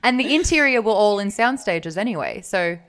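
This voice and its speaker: An Australian woman in her thirties, a podcast guest, telling animated anecdotes and laughing often in casual chat. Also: medium pitch, normal speed.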